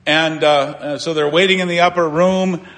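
A man preaching a sermon as pastor, conversational and halting, with many restarts and fillers. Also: fairly high pitch, fairly even intonation, a bit bright. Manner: conversational preaching, explaining scripture.

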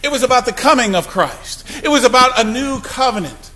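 A man preaching a sermon from the pulpit, swinging from loud declarations to hushed, low passages. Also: animated, a little fast. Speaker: pastor.

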